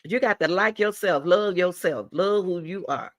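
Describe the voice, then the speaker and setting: A woman's voice: fairly low pitch, normal speed. A middle-aged woman hosting a talk show, giving blunt, emphatic advice and repeating her key words. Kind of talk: direct advice talk to a caller.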